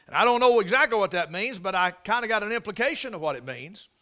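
Pastor, male, high bright voice, repetitive emphatic preaching style. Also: animated. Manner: preaching with repeated words, drawn-out emphasis and rhetorical questions. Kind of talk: sermon.

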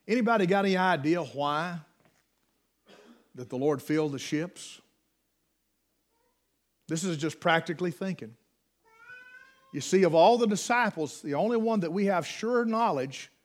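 A man preaching a sermon, reading scripture slowly and moving between loud, urgent stretches and quiet, low passages. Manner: slow, deliberate delivery with pauses, reading aloud from the King James Bible. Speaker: pastor.

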